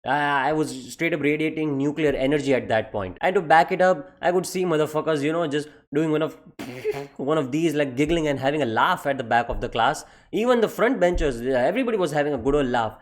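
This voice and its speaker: Animated young man telling a story. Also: on the high side, brisk. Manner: animated, profane, exaggerated. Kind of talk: comedic personal storytelling.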